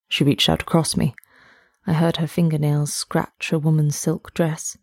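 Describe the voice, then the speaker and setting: A woman reads a story aloud at an even, measured pace. Her voice sits low and sounds gravelly and husky. The recording is dry and close. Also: dry recording. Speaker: story narrator. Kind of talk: scripted story narration.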